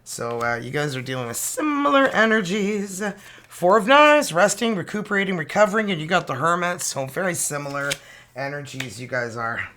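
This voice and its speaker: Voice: medium pitch, animated, brisk, pushed and bright. A tarot reader from Canada with a Canadian accent, giving a casual, playful and exclamatory reading that mixes in French card names.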